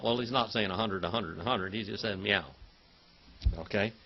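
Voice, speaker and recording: A man's voice: fairly low pitch, brisk, muffled recording. A man teaching a Bible Hebrew class in a folksy, chatty way, calling on students by name and drilling word meanings. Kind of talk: classroom lecture.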